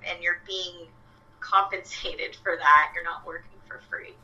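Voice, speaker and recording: A woman's voice: on the low side, steady tone, measured pace, pushed and bright, lo-fi sound. A young woman, a fitness coach, chatting casually with lots of fillers and quoted asides. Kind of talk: casual podcast chat. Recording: voice a bit far from the mic.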